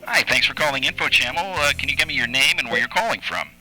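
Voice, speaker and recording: A man's voice: mid-range voice, animated, fast talker, bright, forceful tone, faint music behind, rough recording. A man screening calls on a comic call-in show, upbeat, repeating each caller's question back. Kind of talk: comic live call-in chat.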